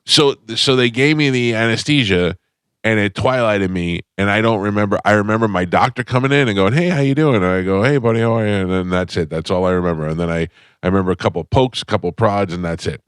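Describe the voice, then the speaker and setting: A man's voice: on the low side, fast talker, a bit bright, clean tone, no echo. A male radio host in casual studio chat, telling a long, self-deprecating comic story with lots of detours. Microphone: studio microphone.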